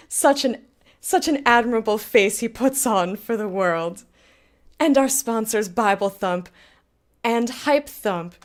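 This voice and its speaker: Slow, theatrical woman hosting an awards show. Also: a little high. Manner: theatrical and hammy, teasing a silent co-host. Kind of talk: mock awards-show presenting.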